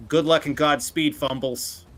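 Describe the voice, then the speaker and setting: A man voicing a gruff, stern older male commander who speaks in clipped, authoritative orders. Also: a little high, steady tone, unhurried, fairly bright tone, a little hiss or hum.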